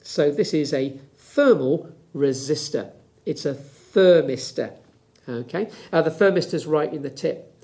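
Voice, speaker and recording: A man's voice: fairly high pitch, lively intonation, a little slow, gravelly, warm tone. A middle-aged man teaching a physics lesson from home, chatty and explaining step by step while he demonstrates.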